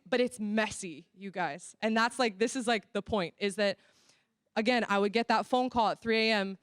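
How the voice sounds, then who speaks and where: A woman's voice: on the high side, fairly bright tone, clear, resonant tone, no room sound, studio quality. A young American woman from Florida giving a casual sermon-style church workshop talk, telling stories animatedly and acting out dialogue. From Florida, USA.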